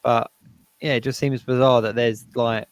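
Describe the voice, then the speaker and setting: A man co-hosts a relaxed geek chat, agreeing easily and backing his partner up with quick yeahs. His voice has a gravelly rasp at a middle pitch. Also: no room sound. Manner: agreeable, lots of quick "yeah"s. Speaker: co-host. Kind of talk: casual live chat.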